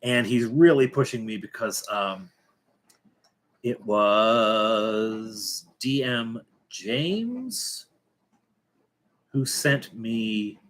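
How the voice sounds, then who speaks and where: A middle-aged man with a fairly low voice, hosting a relaxed late-night livestream. He rambles and hesitates, restarting sentences and filling pauses, and slips in dry, wry jokes along the way. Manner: rambling and halting, many fillers and restarts; wry, joking asides. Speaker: livestream host.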